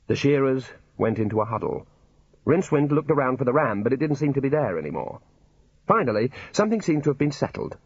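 A man reading an audiobook in a dry, unhurried storytelling manner. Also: medium pitch, big pitch swings, husky, dry recording, highs cut off. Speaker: narrator. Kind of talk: audiobook narration.

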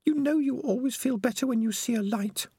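Male narrator playing a timid young female rat: high, gentle, pleading falsetto. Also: fairly quick, husky, no echo, studio quality, heavily acted.

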